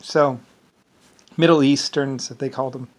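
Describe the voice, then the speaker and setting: Man, 50s, rambling casual talk, halting, loose and wandering delivery, mid-pitched voice. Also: steady tone. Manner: halting, full of fillers and restarts, loose and wandering. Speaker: hobbyist talking about his ship stories.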